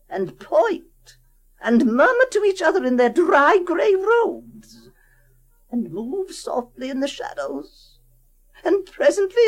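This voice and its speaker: A woman's voice: very high voice, a little mellow, exaggerated voice, low-quality recording. A woman playing a tearful, coaxing old aunt. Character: doting, possessive old aunt woman soothing her niece. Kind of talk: dramatic story reading.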